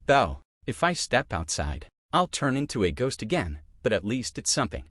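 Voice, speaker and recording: Man reading as playful young woman ghost, teasing, chatty, lively pitch, dry sound, storybook. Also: normal speed, no room sound.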